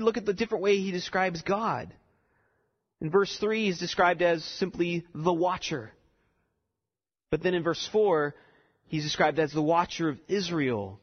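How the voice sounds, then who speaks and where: A man preaching a sermon, explaining a text and building to emphatic repeated lines. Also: high-pitched. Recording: dull sound with long reverb in a hall.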